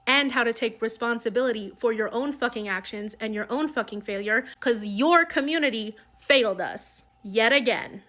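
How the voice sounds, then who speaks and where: A woman's voice: fairly high pitch, normal speed, hardly any pauses, fairly bright tone. A woman delivering an angry, profane, sarcastic political rant straight to her viewers. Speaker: political commentator. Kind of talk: ranting commentary to camera.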